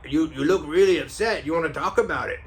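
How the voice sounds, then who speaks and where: A man's voice: a little high, fast talker, voice pushed up, lightly acted. A man voicing a kind, cheerful cook who talks in a friendly, sing-song way, his voice raised a little.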